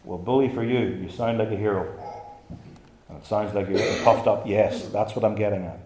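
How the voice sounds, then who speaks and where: A man's voice: lowish voice, fairly even intonation, brisk, darkish tone, a little hiss or hum. A man preaching a sermon in an emphatic style, using rhetorical questions. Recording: echoey church room.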